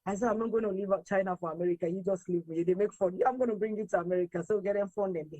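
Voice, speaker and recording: A Sierra Leonean woman, slipping in and out of Krio, tells her story with lively energy, her voice pitched in the middle range. The sound is close and dry, with no room around it. She acts out what other people said as she goes. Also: very fast, no room sound, poor audio. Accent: Sierra Leonean, mixing in Krio. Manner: lively, quotes others in raised voices, slips between English and Krio. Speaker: interview guest, singer. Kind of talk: animated storytelling in an interview.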